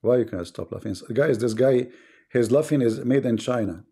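A man's voice: medium pitch, normal speed, dark tone, slightly rough. A man with an Arabic accent hosting a live debate stream, taunting and sarcastic toward his callers. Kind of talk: mocking live-stream banter.

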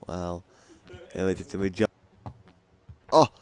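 A man's voice: low-pitched, a little slow, smooth. A young man playing a game with a friend, teasing him and laughing often. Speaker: gamer. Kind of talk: casual co-op gaming chat.

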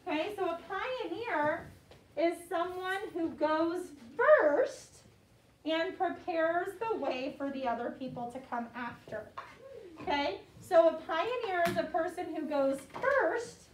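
A woman teaching second graders, saying words slowly and clearly for the class to repeat. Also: very high voice, lively intonation, a little hiss or hum. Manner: slow, clear call-and-response teaching. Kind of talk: classroom vocabulary lesson. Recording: echoey classroom mic from far off.

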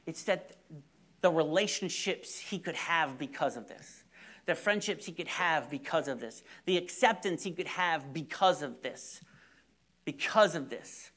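Male pastor, young, high bright voice, animated storytelling sermon. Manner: animated storytelling, repeats words, drops to near-whispers.

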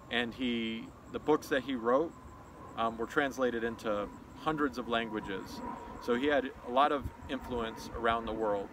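Male host, reflective outdoor monologue, mid-pitched, thoughtful and unhurried, faint outdoor noise behind. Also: a bit bright, rough recording. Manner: thoughtful, unhurried, with fillers and restarts. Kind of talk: reflective walk-and-talk monologue. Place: outdoors on a nature trail.

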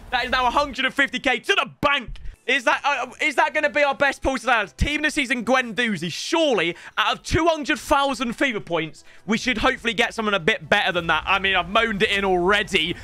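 A young man giving chatty, rambling commentary while opening game packs, bursting into shouts at good pulls. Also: very high voice, expressive, brisk. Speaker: gaming YouTuber. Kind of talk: excited pack-opening commentary.

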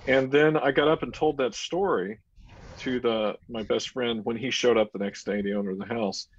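A man's voice: mid-range voice, moderate pace. A man who is a paranormal investigator, chatting casually on a video call and telling a story animatedly. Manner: animated storyteller, acts out dialogue. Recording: muffled lo-fi video call audio.

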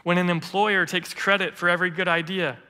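Bright-voiced preacher in a reverberant church. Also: male voice, high voice, brisk. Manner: earnest storytelling preacher, quotes others in lively voices. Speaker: interim lead pastor. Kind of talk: sermon. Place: church sanctuary.

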